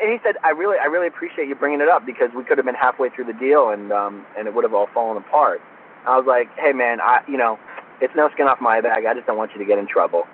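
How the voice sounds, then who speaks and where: Male guest, lively up-and-down delivery, acts out voices, phone-line sound with faint hiss. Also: medium pitch. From Florida. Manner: animated anecdote teller, acts out dialogue. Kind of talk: casual storytelling in interview.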